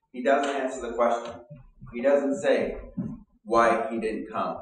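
A man giving an earnest, conversational sermon with pauses and fillers, as a pastor. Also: mid-range voice, fairly even intonation. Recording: echoey room, mic at a distance.

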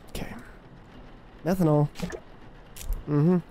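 With a fairly high pitch, fairly even intonation and drawn-out words, a young streamer comments on a horror game, chatting to himself, cursing freely and trash-talking the characters, breaking into frantic yells when frightened. Slight background noise is present.

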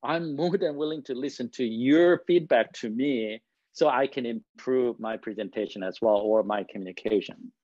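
A man whose first language is not English gives a talk to a live audience as a guest speaker. His pitch sits in a middle range, and he keeps it conversational by often asking "right?" to check in. The recording is dry and slightly dull. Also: normal speed, dark tone, no room sound. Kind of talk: presentation to an audience.

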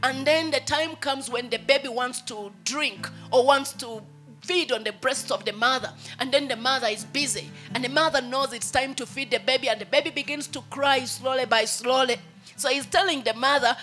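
A woman pastor with a Ugandan English accent delivers a sermon in a bright, sharp voice. She sits high in her register and voices a baby's pleas now and then. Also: expressive, normal speed, faint music behind. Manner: preaching, acts out a baby's pleas in quoted lines.

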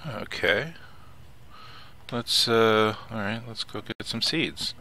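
Gravelly low-voiced man playing a game. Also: slow, bright, forceful tone, a little hiss or hum. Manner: chatty, muttering to himself, swears when startled. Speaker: let's play host. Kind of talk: casual gameplay commentary.

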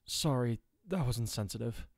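A man's voice: mid-range voice, expressive, moderate pace, creaky, no room sound, studio quality. A man voicing a kind, earnest teenage hero boy. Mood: gentle. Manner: gentle and apologetic.

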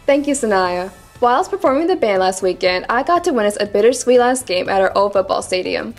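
A woman's voice: medium pitch, animated, fairly quick, soft background music. A teenage girl anchoring a student news show with an upbeat, scripted delivery. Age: teens.

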